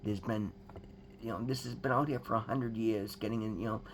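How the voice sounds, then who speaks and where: A man's voice: fairly low pitch, fairly even intonation, fairly quick, a little hiss or hum. A man giving an earnest, rambling personal testimony to his viewers, emphatic and calling them guys. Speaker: recovery vlogger.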